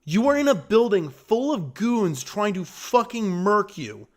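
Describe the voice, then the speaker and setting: A man's voice: sits high, very animated, unhurried. A man giving casual, profane, opinionated commentary while he plays a game. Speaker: gaming streamer.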